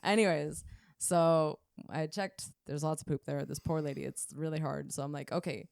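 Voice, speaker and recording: A woman's voice: low voice, fairly even intonation, moderate pace, vocal fry, darkish tone, no echo, clean studio sound. A woman co-hosting a nursing podcast, telling stories in casual chat and laughing often. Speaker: podcast co-host, nurse.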